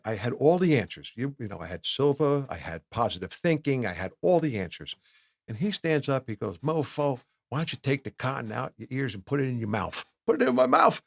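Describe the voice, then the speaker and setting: A man's voice: mid-range voice, gravelly, dry recording, studio quality. A middle-aged man, a podcast guest, candidly telling his life story with lots of acted-out dialogue. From New Jersey. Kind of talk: personal storytelling in a podcast interview. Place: podcast studio.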